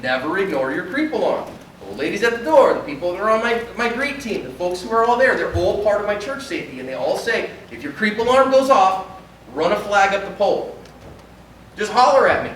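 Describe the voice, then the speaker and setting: A man who is a pastor, giving an animated conference talk and acting out little dialogues. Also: high-pitched, brisk, slight background noise. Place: large conference hall. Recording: echoey hall from far off.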